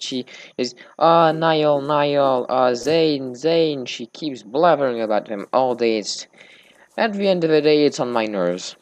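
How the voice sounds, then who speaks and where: A man's voice: medium pitch, a little hiss or hum. Sleepy, rambling man. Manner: rambling small talk, slurred words. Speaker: gaming let's-play host. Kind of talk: casual gameplay commentary.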